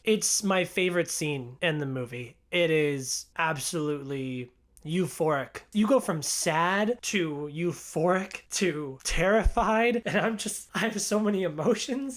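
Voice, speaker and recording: A young man giving a casual movie review, gushing and excitable, laughing often and peppering his talk with "like". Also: high-pitched, a little slow. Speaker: film reviewer.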